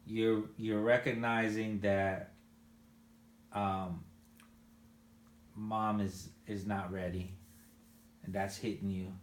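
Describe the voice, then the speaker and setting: A man interviewing a father he worked with, asking gentle leading questions with frequent restarts. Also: lowish voice, little pitch movement, takes it slowly, long pauses, roomy sound, a little hiss or hum. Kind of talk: casual interview.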